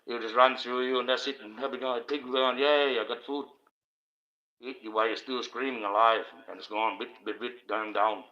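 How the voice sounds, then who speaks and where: A man's voice: medium pitch, level tone, a little fast, few pauses, sharp tone. A man from Australia who hosts a livestream and gives a profane, rambling monologue, swearing often and repeating himself. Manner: coarse, swearing, repetitive ranting. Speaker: livestream host. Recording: dull lo-fi stream audio.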